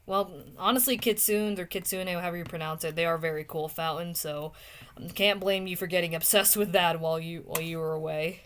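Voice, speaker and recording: A young woman streamer chatting casually with viewers while drawing, often trailing off into soft muttering to herself as she works. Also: lowish voice, steady tone, fairly quick, a little hiss or hum. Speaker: streamer drawing art requests.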